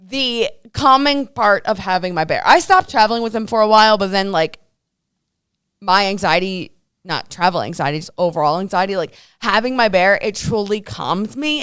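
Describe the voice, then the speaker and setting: A young woman co-hosts a casual live stream, speaking in a smooth, resonant voice over a dry, close sound. She tells stories with animation and slips into the voices of the people she quotes. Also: mid-range voice, a little fast, dry recording. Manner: animated storyteller acting out quoted dialogue. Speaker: co-host. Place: hotel room.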